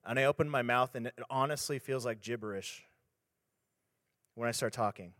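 A man's voice: medium pitch, normal speed, fairly bright tone, no room sound, clean studio sound, big-room sound. A man, a pastor, speaking candidly and conversationally about scripture, retelling stories with restarts and casual asides. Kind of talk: casual devotional talk on scripture.

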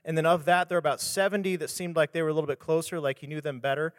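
A man's voice: on the high side, steady tone, racing, no room sound, clean studio sound, long reverb tail. A man, a pastor, speaking candidly and conversationally about scripture, retelling stories with restarts and casual asides. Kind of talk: casual devotional talk on scripture.

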